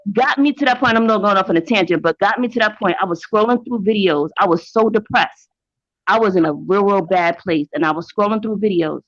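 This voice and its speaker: A frank, outspoken woman on a talk panel tells her story with emphasis and no filter. Her voice sits at a middle pitch. The recording is dry and slightly muffled. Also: no echo. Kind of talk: candid casual chat.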